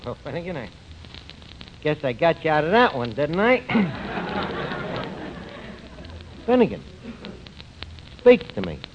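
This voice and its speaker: An actor in a 1940s radio comedy playing a fast-talking, sarcastic male tavern manager with slangy speech, on an old lo-fi recording. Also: fairly high pitch, wildly swooping pitch, exaggerated voice. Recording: dull lo-fi old radio recording, faint hiss.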